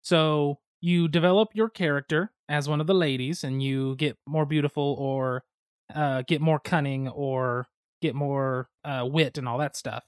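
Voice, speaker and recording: A man from the United States, co-hosting a podcast, telling board-game stories in a lively, chatty way with sudden fast bursts. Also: fairly high pitch, clean tone, no echo, studio quality. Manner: animated storytelling, quick bursts of speed. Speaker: podcast co-host. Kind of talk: casual chat about board games.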